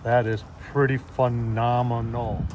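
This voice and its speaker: A man's voice: medium pitch, little pitch movement, measured pace, noisy background. Folksy man showing off barbecue ribs. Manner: folksy, keeps saying "folks" and "I tell you what". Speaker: barbecue video host. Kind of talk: casual cooking demonstration.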